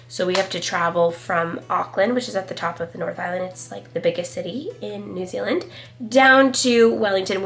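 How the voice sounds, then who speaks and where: A woman's voice: mid-range voice, fairly bright tone. Woman, 30s, family vlogger, stuffy head cold, rambling casual chat, clip-on mic. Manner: chatty, rambling, frequent "like". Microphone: wireless clip-on mic.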